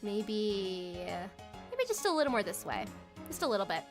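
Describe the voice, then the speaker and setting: A woman's voice: mid-range voice, wildly swooping pitch, moderate pace. A woman streamer chatting playfully with her viewers during a casual gaming livestream. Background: faint game music.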